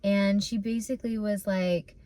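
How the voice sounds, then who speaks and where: A woman's voice: mid-range voice, steady tone, moderate pace, warm tone. A young woman vlogging from her parked car, talking in a rambling way with many fillers and restarts, close to tears. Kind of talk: casual emotional vlog.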